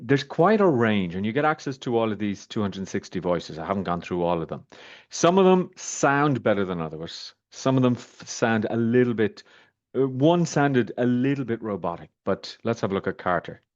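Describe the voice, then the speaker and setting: A man with a fairly low voice walks through a software demo in a loose, thinking-aloud way, pausing often on fillers and half-finished phrases. The audio is a little muffled and dull. It sounds like an unscripted screen-share review. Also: very animated.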